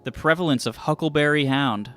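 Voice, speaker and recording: A man's voice: on the high side, brisk, fairly bright tone, faint music behind. A man streaming a trivia game, casually joking with chat and reading clues aloud. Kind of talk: casual live-stream commentary.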